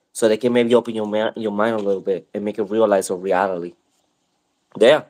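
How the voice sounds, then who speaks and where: A man's voice: on the low side, darkish tone. A man in casual conversation, telling a long story in a rambling way with many fillers and restarts.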